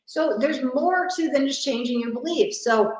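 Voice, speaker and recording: A woman's voice: high voice, moderate pace, darkish tone. A woman money mindset coach giving a casual live masterclass talk, chatty and full of "like" fillers, in a sparsely furnished new home. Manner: chatty, frequent "like" fillers and restarts. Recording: echoey empty room.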